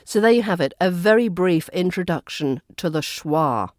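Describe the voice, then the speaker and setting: A woman with a Southern English accent teaching pronunciation on a podcast, repeating example words slowly and clearly. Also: on the low side, expressive, dry recording, studio quality. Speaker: accent coach. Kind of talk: podcast lesson.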